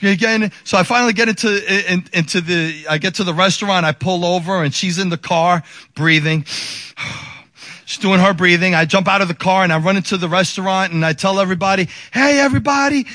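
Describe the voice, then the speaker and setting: Man in his 40s, pastor, high bright voice, animated storyteller. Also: fast, no echo, clean studio sound. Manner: animated, acts out quotes in a raised voice, laughs often. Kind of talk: storytelling sermon.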